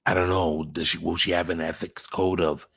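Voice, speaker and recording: A man's voice: deep voice, flat delivery, moderate pace, gravelly, fairly bright tone, slightly rough, dry recording. A man hosting a casual livestream, chatting with viewers in a rambling way, swearing now and then and thinking aloud. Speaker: channel host reading live chat.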